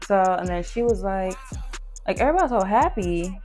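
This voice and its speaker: A woman's voice: mid-range voice, quick pace. A woman, telling a blunt, profane storytime rant about a falling-out with a friend. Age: 20s. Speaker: vlogger. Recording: music playing loudly behind.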